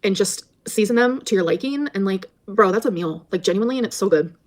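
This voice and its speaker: A woman's voice: medium pitch, expressive, quick pace, a little mellow. A young woman vlogger chatting casually and rambling about her day, with her speech full of "like" fillers. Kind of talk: casual chat vlog.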